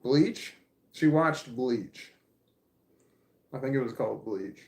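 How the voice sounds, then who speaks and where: A man's voice: mid-range voice, lively intonation, slow. A man talking casually on a livestream, rambling and swearing as he tells a story, recorded in an echoey living room. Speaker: livestream host.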